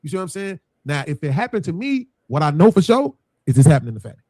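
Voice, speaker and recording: A man's voice: a little high, sing-song, quick pace, darkish tone, no echo, studio quality. A man who runs a panel show, talking bluntly with heavy swearing and acting out what people said. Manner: blunt, profane, acts out quotes. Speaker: panel host. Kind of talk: casual panel talk.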